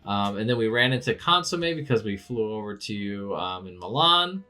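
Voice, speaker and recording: A man's voice: on the low side, moderate pace, soft background music. A man hosting a manga reaction, recapping a chapter in casual chat and acting out the characters' lines. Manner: animated, acts out characters' lines with laughs.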